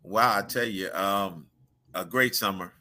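A man's voice: sits low, unhurried, bright, forceful tone. A man who is a basketball coach, speaking as a friendly guest on a radio show. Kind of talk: call-in guest interview.

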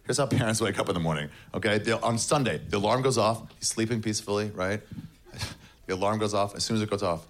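A man doing a stand-up set on a club stage, sardonic and mocking, jumping into high shouted voices when he acts people out. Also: fast, some chatter behind. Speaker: stand-up comedian. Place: comedy club stage with audience. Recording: noisy live club recording.

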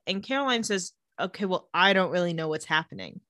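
A woman's voice: mid-range voice, animated, sharp tone, dry recording, studio quality. A woman co-hosting a podcast, casually recapping episodes and quoting characters as she goes. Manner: retells scenes quoting characters in quick voices. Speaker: podcast co-host recapping a show.

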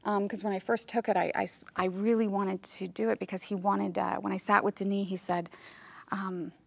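A woman with a gravelly, fry-tinged voice answers interview questions. She tells stories with animated energy, moving between earnest reflection and playful retelling. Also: mid-range voice, normal speed, no room sound. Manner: animated storytelling, laughs, imitates others. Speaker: actress in an interview.

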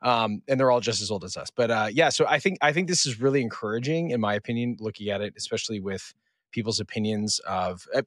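A man co-hosting a podcast, excitable and slangy, stumbling over words. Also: fairly low pitch, fast, dry recording, clean studio sound. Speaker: podcast co-host. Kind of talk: casual chat.

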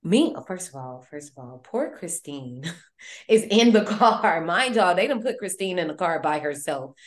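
A woman with a lowish voice hosts a podcast, retelling a horror film in loose, chatty slang. She talks animatedly and swears freely. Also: big pitch swings, measured pace. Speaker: podcast host. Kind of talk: casual horror movie recap.

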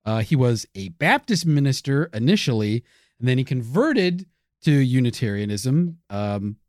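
A man's voice: mid-range voice, sing-song, moderate pace, darkish tone, no room sound, studio quality. A man co-hosting a comedic history podcast, reading notes with lots of fillers and cracking crude jokes. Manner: joking, crude, reads notes with many fillers. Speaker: podcast co-host.

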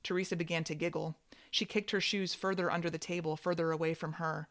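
Woman with a lowish voice reading fiction. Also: level tone, fast. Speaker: narrator.

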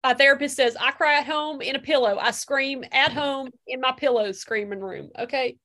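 A rambling, folksy stepmother of the devil, fretful and overwrought, who drops a y'all into every other sentence. Her voice sits a little high, and she spills her complaints in a long, chatty improvised flow. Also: normal speed, bright, forceful tone. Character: the devil's emotional, put-upon female stepmother. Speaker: guest character. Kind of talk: improvised comedy podcast.

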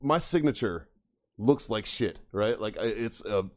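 A man's voice: fairly low pitch, expressive, measured pace. A man in his thirties hosting a podcast, telling profane stories with plenty of laughter. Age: 30s. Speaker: podcast host. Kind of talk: casual storytelling.

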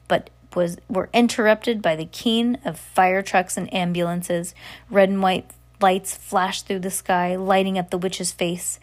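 A woman reading a novel aloud, narrating at a steady pace with occasional slips and restarts. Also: lowish voice. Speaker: reader.

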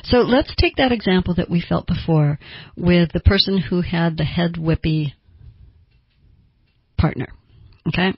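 A woman therapist explaining emotions in a calm, plain teaching manner with homely examples. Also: on the low side, unhurried, pauses often, slightly rough, no echo, muffled recording.

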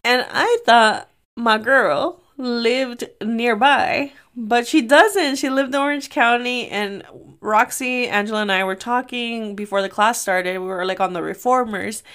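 A woman's voice: a little high, unhurried, fairly bright tone. Chatty young woman podcast host. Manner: chatty storytelling, often laughing. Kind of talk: casual solo podcast chat. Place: her room.

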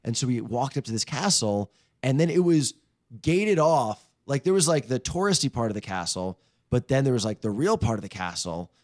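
A man guesting on a radio show, telling a dating story in a playful, animated way with easy laughs. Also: medium pitch, normal speed, no echo, clean studio sound. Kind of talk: casual storytelling chat.

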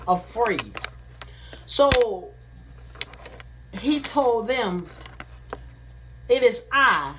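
A woman's voice: mid-range voice, fairly bright tone, slight background noise. A woman preaching a sermon, reading Bible verses and then repeating and paraphrasing them in plain words. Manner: slow and deliberate, repeating phrases. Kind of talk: sermon, reading and explaining scripture.

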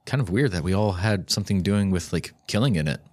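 A man's voice: low-pitched, animated, fast talker, a little mellow. A man co-hosting a podcast about songs, talking in an easygoing way and reading out band facts. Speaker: podcast co-host. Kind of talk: casual chat.

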